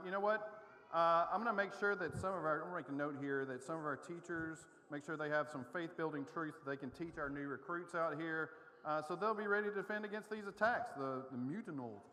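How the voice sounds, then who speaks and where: A man's voice: fairly high pitch, brisk, sharp tone, in a large hall. A man playing an upbeat leader of young defenders in a children's church skit, reassuring and a little rambling. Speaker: skit performer. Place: church auditorium.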